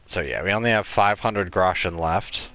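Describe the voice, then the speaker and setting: Low-voiced man chatting over gameplay. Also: moderate pace, bright, forceful tone, dry recording. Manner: chatty, rambling storyteller. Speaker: let's play host. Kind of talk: casual gaming commentary.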